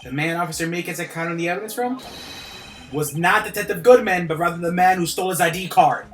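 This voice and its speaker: A streamer voicing a smug, measured male prosecutor in a game. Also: medium pitch, animated, echoey room, noisy background, lightly acted.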